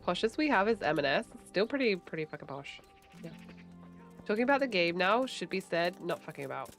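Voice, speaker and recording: A woman's voice: on the low side, very animated, normal speed, faint music behind. A woman chatting casually while streaming a game, giggly and swearing freely. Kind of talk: casual livestream chat while gaming.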